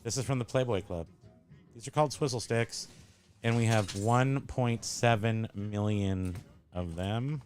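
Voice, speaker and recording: A man's voice: fairly low pitch, unhurried, darkish tone, soft background music. A man hosting a casual show-and-tell chat at a home tiki bar, rambling and joking as he corrects himself. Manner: rambling, jokey, self-correcting. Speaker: host.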